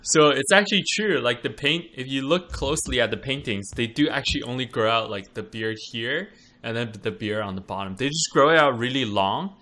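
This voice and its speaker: A man's voice: mid-range voice, expressive, brisk, sharp tone. A man co-hosting a podcast, chatting casually with many "like" fillers and frequent laughs. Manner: laid-back, laughs often, many "like" fillers. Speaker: podcast co-host. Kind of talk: casual chat.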